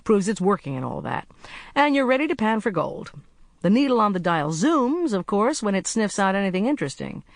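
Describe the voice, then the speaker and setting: A narrator putting on a blithe, chatty young male agent, pitched noticeably higher and lively in tone. He talks briskly and cheerfully, as in an audiobook, in a dry, close sound. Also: vocal fry, no room sound. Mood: breezy. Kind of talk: audiobook character voice.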